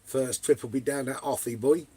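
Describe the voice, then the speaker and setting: Husky man chatting live. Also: medium pitch, fairly even intonation, moderate pace, warm tone. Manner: banterous, swears freely, calls viewers mate and son. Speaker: vanlife live streamer. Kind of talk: casual live-stream chat with viewers. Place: inside a camper van.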